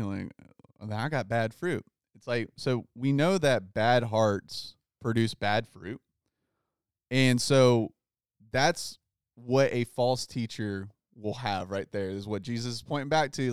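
A man hosting a podcast, talking through a Bible passage in a relaxed, casual way, often saying "like" and reading scripture aloud. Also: medium pitch, a little slow, clean tone, no room sound, clean studio sound. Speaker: podcast host. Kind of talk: casual Bible study chat.

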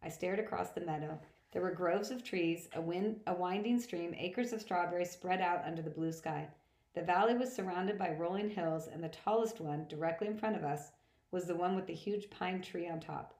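A woman reading first-person novel narration aloud in a plain, steady manner. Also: fairly low pitch, moderate pace. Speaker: audiobook reader. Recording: roomy echo.

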